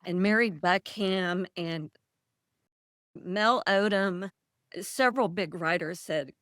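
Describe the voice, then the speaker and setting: Woman, author guest, casual interview, rambling, laughs a lot, lowish voice, dry sound. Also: takes it slowly, fairly bright tone, dry recording. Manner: chatty, laughs often, rambling storyteller.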